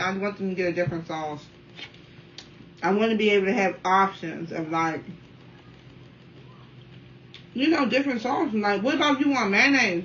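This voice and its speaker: A woman in her thirties from the Washington, D.C. area, chatting casually while eating on camera at home and keeping up a steady stream of remarks to her viewers. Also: medium pitch. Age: 30s. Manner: talkative, keeps addressing viewers as y'all. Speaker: mukbang vlogger. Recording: dull, slightly distant sound with faint room noise.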